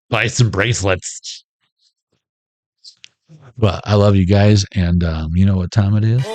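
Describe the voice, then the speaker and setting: A man's voice: lowish voice, fairly even intonation, takes it slowly, darkish tone, no echo. Laid-back joking man reading tarot. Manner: joking, playful asides. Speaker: tarot reader. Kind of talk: casual tarot reading vlog.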